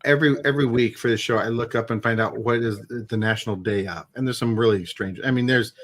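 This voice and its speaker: A man's voice: medium pitch, fast talker, a bit bright. A man hosting a morning comedy talk show, telling stories in a chatty way and laughing often. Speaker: host. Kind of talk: casual comedy banter.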